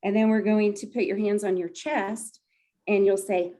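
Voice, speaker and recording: A woman's voice: mid-range voice, fairly even intonation, moderate pace, warm tone. A woman leading a group laughter yoga session, chatty and upbeat, often breaking into laughter. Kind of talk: guided group exercise session.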